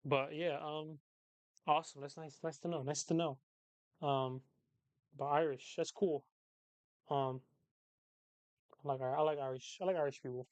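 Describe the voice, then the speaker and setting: Smooth, dry-voiced young man chatting casually. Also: a little high, normal speed, long pauses, dry recording. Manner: rambling, repeats phrases, relaxed slangy talk. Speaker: livestream host chatting with viewers. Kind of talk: casual chat.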